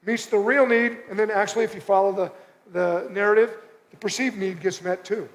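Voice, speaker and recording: A man's voice: high-pitched, fairly even intonation, a little fast. A man preaching a sermon as pastor, conversational and driving points home by repeating short phrases. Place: church auditorium. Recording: long reverb of a church hall.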